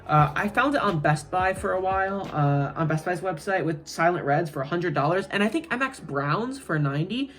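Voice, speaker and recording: A woman's voice: fairly low pitch, lively intonation, normal speed, hardly any pauses, a bit bright, soft background music. A woman giving a casual, rambling product review, full of fillers and asides. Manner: chatty, rambling, frequent fillers. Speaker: tech reviewer.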